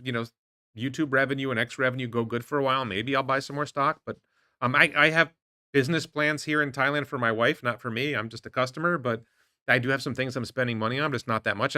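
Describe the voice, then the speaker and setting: A man's voice: mid-range voice, bright, forceful tone, no room sound, clean studio sound. A man hosting an investing livestream, giving opinionated, rambling commentary and firing off incredulous rhetorical questions while answering chat. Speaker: host of investing show. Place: home in Thailand.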